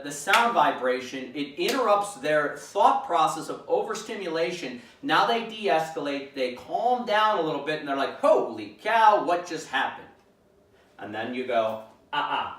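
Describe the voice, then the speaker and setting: A man giving a dog-training lesson, explaining calmly and acting out commands aloud. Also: fairly high pitch, slight background noise. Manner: calm, demonstrates commands aloud. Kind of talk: instructional demonstration. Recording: echoey room, mic at a distance.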